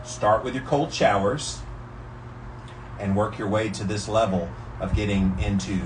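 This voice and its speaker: A man's voice: fairly low pitch, steady tone, measured pace, noisy background. A man vlogging casually from an outdoor ice bath, upbeat and chatty, asking his viewers rhetorical questions. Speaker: health vlogger. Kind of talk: casual talk to camera while sitting in an ice bath.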